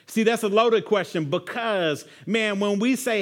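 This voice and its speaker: Male pastor, high-pitched, laid-back conversational sermon, peppers lines with "man". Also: fairly quick, hardly any pauses. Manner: casual, says "man" constantly, conversational preaching.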